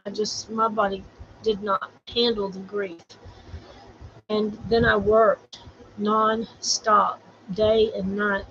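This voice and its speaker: Gravelly woman, earnest and rambling. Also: mid-range voice. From Florida, USA. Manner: earnest, rambling, preachy encouragement. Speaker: vlogger sharing grief. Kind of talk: casual encouraging livestream talk. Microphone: borrowed camera, livestream. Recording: slightly dull livestream audio with faint noise.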